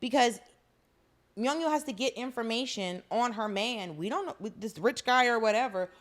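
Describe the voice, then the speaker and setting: A woman's voice: a little high, normal speed. Blunt, profane woman podcast co-host. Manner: blunt and profane, quotes characters mockingly. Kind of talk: casual recap chat.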